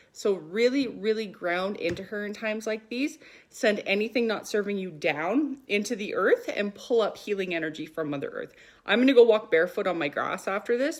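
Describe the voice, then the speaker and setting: A woman in her thirties from Canada talks on a casual live stream as a spiritual coach. She is chatty and upbeat, reads viewer comments aloud, and sounds a little short of breath. Her voice sits at a middle pitch.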